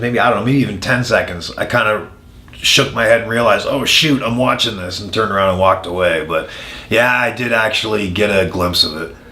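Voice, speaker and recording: A man, a former wrestler, telling candid stories in an interview, frank and full of pauses, getting animated during anecdotes. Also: fairly low pitch. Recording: echoey room.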